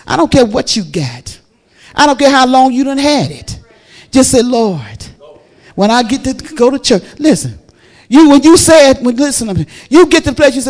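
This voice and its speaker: Fervent woman pastor: loud praise calls, hushed storytelling. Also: high voice, sing-song, normal speed. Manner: drops to quiet, intimate storytelling. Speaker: preacher. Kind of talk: sermon.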